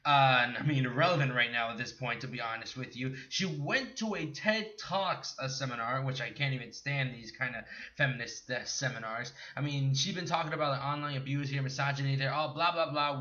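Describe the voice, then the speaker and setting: A young man ranting angrily in a gaming commentary vlog, profane and mocking, sometimes shouting. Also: medium pitch. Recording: dull lo-fi recording.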